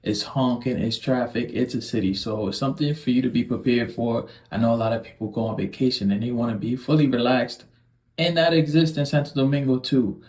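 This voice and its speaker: A man from New York City gives travel tips in an earnest, emphatic way. His voice is dark and mellow. The recording is roomy, with a noticeable echo. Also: medium pitch, fairly even intonation, fairly quick. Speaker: travel video host. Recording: echoey room.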